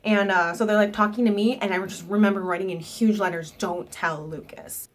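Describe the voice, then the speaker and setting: Speaking fast in a mid-range, nasal voice, a young woman vlogger shares a casual story and brings its characters to life by quoting them in their own voices.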